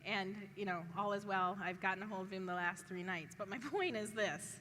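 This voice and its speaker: A woman's voice: medium pitch, fairly quick, sharp tone. A woman speaking to an audience at a live event, telling a humorous personal story and laughing often as she goes. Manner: chatty, laughs often through her story. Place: large event hall. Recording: reverberant hall with faint background noise.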